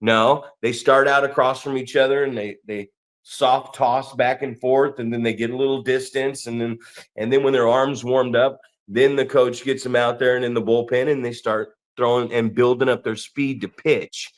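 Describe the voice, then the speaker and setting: A man co-hosting a podcast, ranting profanely with animated mocking asides. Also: medium pitch, moderate pace. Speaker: podcast co-host. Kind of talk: casual podcast rant.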